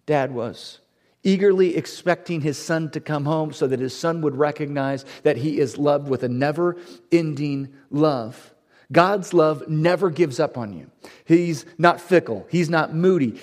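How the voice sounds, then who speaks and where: A man preaching a sermon to a congregation, building to loud, emphatic, repeated lines. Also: a little high. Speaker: pastor.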